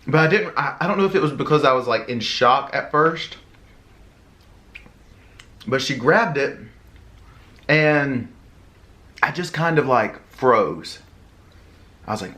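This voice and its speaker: A young man with a Southern drawl, chatting to his viewers in a loose, meandering way. His voice sits at an ordinary middle pitch, and he keeps circling back with "like" and half-finished phrases. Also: lively intonation, unhurried, long pauses, fairly bright tone. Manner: rambling, many fillers and restarts. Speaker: mukbang vlogger. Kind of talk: casual storytelling.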